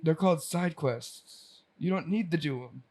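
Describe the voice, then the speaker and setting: A man co-hosting a casual podcast, teasing his friend with quick wisecracks. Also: a little high, darkish tone. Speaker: podcast co-host. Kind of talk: casual chat.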